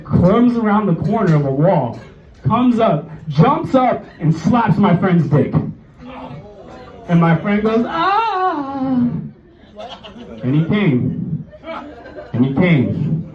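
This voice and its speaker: A stand-up comic in his twenties speaks slowly with long pauses in a high-pitched voice full of big swings, loosely telling a profane story and laughing at his own jokes. He's on a small bar stage, and the roomy, distant, dull recording captures crowd reactions.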